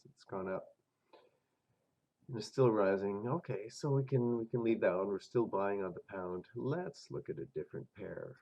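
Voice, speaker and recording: A man with a very low, gravelly voice, stuffed up from a cold, talks slowly through his trading charts. He thinks aloud and fills gaps with "uh" and "um". The recording is dull and lo-fi, with faint mouse clicks behind him. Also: mellow. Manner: thinking aloud with hesitant fillers. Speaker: forex trading video host. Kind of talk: casual chart walkthrough.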